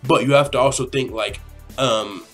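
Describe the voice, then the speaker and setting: A man's voice: mid-range voice, fairly even intonation, normal speed, a bit bright. Young male podcast host for a casual Q&A, profane and rambling, with a mid-range voice and faint music behind.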